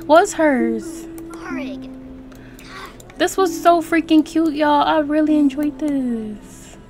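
Young woman let's-player, high-ish voice, chatty and teasing, game music low underneath. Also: slow pace. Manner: chatty and playful, laughs often, reads in-game text aloud; casual slang and swearing. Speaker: let's play gamer. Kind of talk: casual gameplay commentary.

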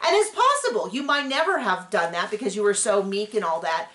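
A woman's voice: mid-range voice, fairly quick. Chatty woman recapping TV in an echoey room. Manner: animated, acts out quotes, rambling asides. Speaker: recap show co-host. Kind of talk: casual chat recapping a reality show.

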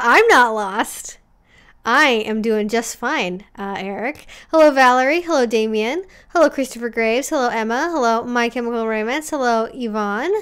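A woman's voice: fairly high pitch, a bit bright, smooth. A woman in her twenties chatting casually as a livestream host, reading viewer comments aloud and greeting them by name.

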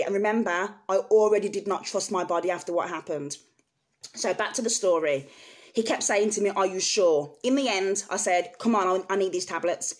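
A woman vlogger speaking candidly to her viewers, telling a personal story in an earnest, emotional way. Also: mid-range voice. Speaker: vlogger sharing personal experience.

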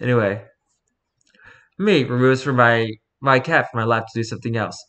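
Bright-voiced man giving wry commentary. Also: mid-range voice, moderate pace. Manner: wry, playful asides. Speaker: video host reading posts. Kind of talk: casual commentary.

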